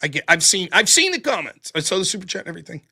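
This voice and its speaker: High, lively sarcastic male streamer. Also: racing, creaky, breathy edge. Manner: sarcastic and animated, mocking repetition. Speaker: livestream host. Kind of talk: live-stream commentary reading viewer messages.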